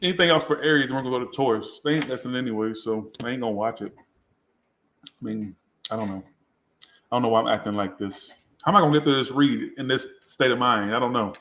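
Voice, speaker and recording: A man's voice: mid-range voice, fast, a bit bright, slight background noise. A man giving a live tarot reading, rambling and crude, sounding tipsy and poking fun at himself. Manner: rambling, crude and self-mocking. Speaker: tarot reader. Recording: roomy echo.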